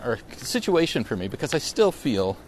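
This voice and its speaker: In his late forties, this podcast host records a casual solo show outdoors while riding through a park, his mid-range voice sing-song at a normal speed. He rambles reflectively and keeps correcting himself, with slight background noise behind him.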